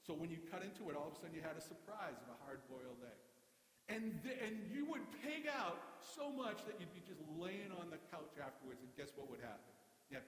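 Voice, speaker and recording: A man's voice: a little high, a bit bright. A man giving a sermon as pastor, telling humorous stories in a conversational way. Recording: echoey hall.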